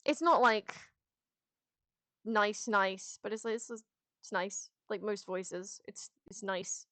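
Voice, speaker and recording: A woman streamer on a headset speaks slowly in a mid-range, slightly bright voice with fairly even intonation, with no room sound. Chatting casually and answering her chat, she's rambling and candid, full of restarts and the occasional swear.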